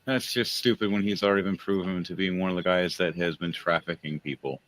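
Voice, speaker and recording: A man's voice: deep voice, steady tone, a little fast, a bit bright. A man hosting a podcast, talking in a blunt, crude and rambling way in casual opinionated chat. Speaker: podcast host.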